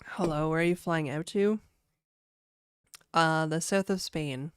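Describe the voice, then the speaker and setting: A woman game developer chats casually on a livestream, laid-back and talkative, laughing often and tossing in "like" and "dude." Her voice sits low and moves at a measured pace, smooth and clean. The studio-quality recording has no echo.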